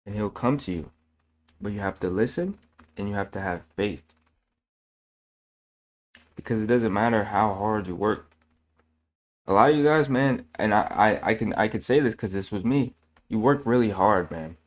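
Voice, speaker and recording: Animated and fairly low-pitched, this man speaks at a moderate pace broken by long pauses. He's a channel host giving an earnest, casual faith talk that turns repetitive and preachy, with self-corrections and fillers like "man" throughout.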